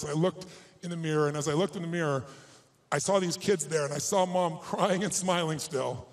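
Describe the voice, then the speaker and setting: A middle-aged man speaks from the stage in a voice that sits a little high for a man. He tells a personal story with feeling and presses his audience to act. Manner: emotional storytelling, emphatic and exhorting. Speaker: motivational speaker. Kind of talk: live stage talk to an audience.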